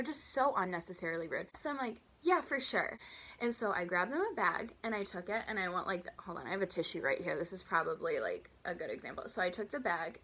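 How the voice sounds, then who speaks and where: A woman in her twenties telling a storytime vlog, chatty and animated, acting out customers and her own waitress voice. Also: on the low side, husky. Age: 20s. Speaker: vlogger.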